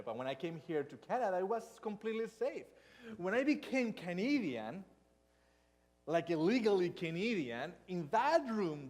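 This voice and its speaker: A man with a Hispanic accent delivers a sermon in a church hall. His voice is high for a man, and he talks slowly and deliberately, acting out small dialogues as he tells his stories. The sound carries a long church reverb. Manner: storytelling, animated with mock dialogue. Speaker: preacher.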